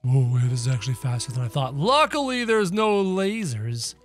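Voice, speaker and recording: A man giving playful, excitable let's-play commentary while talking to his viewers. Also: medium pitch, moderate pace, faint music behind. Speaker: gameplay video creator.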